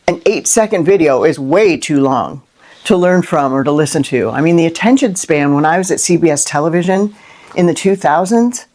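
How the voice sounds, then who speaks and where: A middle-aged woman hosting a Christian inspirational video, talking unscripted and from the heart, with lively rhetorical questions and frequent "right?". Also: lowish voice. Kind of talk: unscripted heartfelt monologue to camera.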